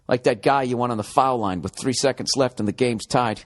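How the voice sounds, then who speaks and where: A man's voice: medium pitch, fairly quick, few pauses. Profane rambling male comedy podcaster. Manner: profane, animated, shifts into mocking shouted voices. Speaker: podcast host. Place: home room with window.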